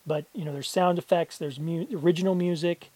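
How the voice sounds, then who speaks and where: A woman's voice: on the low side, fairly even intonation, a little fast, warm tone. A woman co-hosting a podcast in a casual chat, rambling with restarts. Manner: rambling, frequent restarts and laughs. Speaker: podcast co-host.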